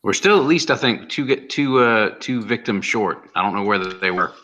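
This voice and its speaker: A man's voice: lowish voice, animated, normal speed, pushed and bright. A man playing a tabletop game over an online call, hesitant and full of fillers. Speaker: player.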